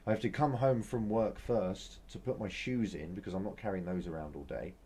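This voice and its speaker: A man's voice: low-pitched, brisk, warm tone, slightly rough. A young man chatting casually in a vlog, rambling and grumbling, with lots of fillers, restarts and mild swearing. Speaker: vlogger.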